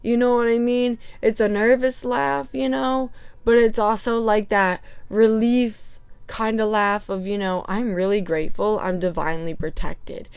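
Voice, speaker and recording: Chatty woman vlogger, clear and dry. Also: fairly high pitch, unhurried, no room sound. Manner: chatty, animated, with nervous laughs and emphatic asides. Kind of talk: casual house tour storytelling. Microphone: clip-on microphone.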